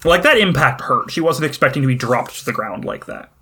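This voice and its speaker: A man running a tabletop game as game master, narrating scenes in a measured, descriptive way. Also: mid-range voice, animated, bright, forceful tone, slightly rough. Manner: measured descriptive storytelling with occasional fillers.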